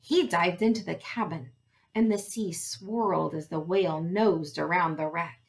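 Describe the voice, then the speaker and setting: A woman reading a picture book aloud to young listeners, expressive and adding friendly asides. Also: fairly low pitch, a little slow. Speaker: storybook reader.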